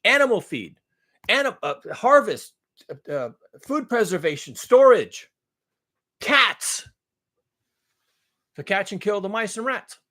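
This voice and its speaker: A man's voice: high-pitched, big pitch swings, slow pace, long pauses, bright, forceful tone. A man talking in a rambling, blunt monologue, listing things at length and repeating himself. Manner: blunt, swears now and then. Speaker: vlogger.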